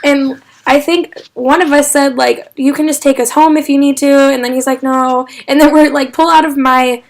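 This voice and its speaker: A woman co-hosting a casual podcast with friends, telling a story excitedly and laughing as she goes. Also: high-pitched, normal speed, vocal fry. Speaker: podcast co-host. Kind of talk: casual chat among friends.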